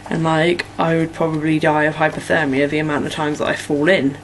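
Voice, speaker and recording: A woman's voice: sits low, flat delivery, brisk, a little hiss or hum, low-quality recording. Rambling teen English girl, lots of ums. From Norfolk, England. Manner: chatty, rambling, many "like" and "um" fillers. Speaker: vlogger answering follower questions. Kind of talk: casual chat.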